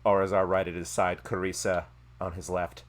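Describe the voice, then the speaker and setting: A man narrating a tabletop game as game master, in slow, measured description. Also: low-pitched, level tone.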